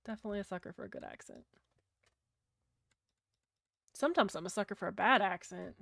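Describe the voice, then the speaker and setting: A woman's voice: medium pitch, fairly quick, vocal fry, fairly bright tone, no echo. A woman with a British accent, chatting casually and bluntly with her livestream viewers, rambling and swearing freely. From Britain. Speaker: streamer.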